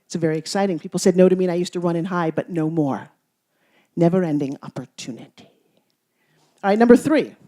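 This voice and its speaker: Before a live audience, a woman delivers a motivational speech in a fairly low voice, talking fairly quickly but with long pauses. She teases playfully as she tells stories, alternating loud bursts with hushed remarks.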